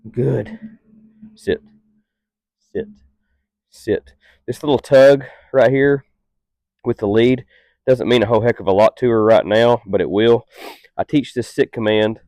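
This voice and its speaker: Low-voiced, calm dog trainer. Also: male voice, no room sound. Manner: calm and patient, with short stern commands to a dog. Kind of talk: instructional demonstration.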